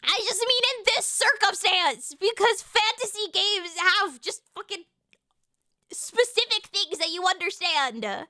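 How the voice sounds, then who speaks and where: A young woman streaming and chatting casually, loud and passionate, quick to get heated, on a close desk mic. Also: very high-pitched, animated, no room sound. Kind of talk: casual live-stream chat.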